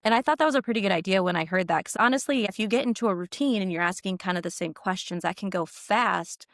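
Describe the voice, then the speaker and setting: A woman's voice: mid-range voice, fast, fairly bright tone, no echo, clean studio sound. Chatty female coach co-hosting a podcast. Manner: chatty, asks questions and shares opinions. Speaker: gymnastics coach and co-host. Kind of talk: casual podcast chat.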